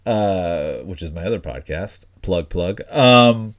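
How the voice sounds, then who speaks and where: A man with a lowish voice chats loosely on a comics podcast. He rambles, stumbles over restarts and pads his talk with ums and uhs. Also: lively intonation, slow pace. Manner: rambling, many fillers and restarts. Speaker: podcast co-host. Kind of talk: casual chat.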